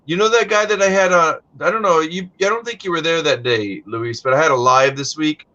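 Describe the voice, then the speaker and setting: A man with a fairly high, bright, forceful voice chats casually as host. He tells animated stories and acts out the people he quotes. The sound is a dull, lo-fi stream recording. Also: brisk. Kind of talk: casual chat.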